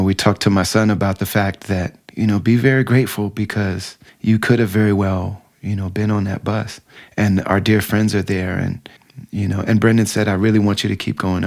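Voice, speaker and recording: A middle-aged man with a low, gravelly voice tells a personal story. He speaks in a casual, heartfelt way and fills his sentences with conversational asides. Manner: heartfelt, conversational, many fillers. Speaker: podcast guest telling a story.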